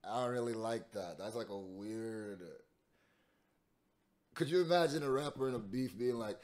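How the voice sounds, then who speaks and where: A man hosting a reaction video, commenting casually and jumping into loud, laughing bursts. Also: medium pitch, normal speed, long pauses. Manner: animated, jumps to loud bursts, laughs and mimics.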